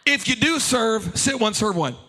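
A man preaching a sermon as pastor, passionate and loud, leading the congregation in call-and-response. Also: sits high, expressive, normal speed, slight background noise.

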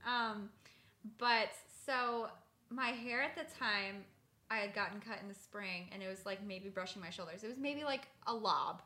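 A young woman co-hosting a podcast, telling stories in a chatty, animated way full of "like". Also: mid-range voice, normal speed. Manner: chatty storyteller, lots of "like", animated. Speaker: podcast co-host. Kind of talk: casual chat.

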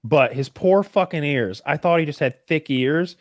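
A man's voice: a little high, moderate pace, no echo, studio quality. A man chatting casually as a co-host, rambling with many restarts and frequent swearing. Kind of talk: casual chat.

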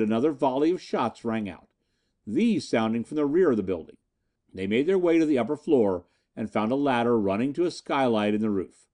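Brief: male storyteller for a pulp audiobook, warm and expressive. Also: mid-range voice. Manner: lively storytelling. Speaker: narrator. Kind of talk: audiobook reading of pulp fiction.

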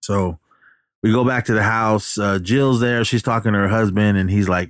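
Deep-voiced man rambling through a plot. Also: steady tone, normal speed, dry recording, studio quality. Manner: rambling, loose, swears, lots of fillers. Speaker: movie recapper. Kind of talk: casual plot retelling.

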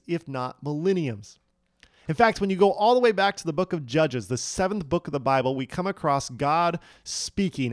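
A man preaching a sermon, his voice sitting a little high for a man. He tells the story with big swings between loud peaks and hushed lines. The sound is dry and close, with almost no room echo. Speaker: pastor. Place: church hall.

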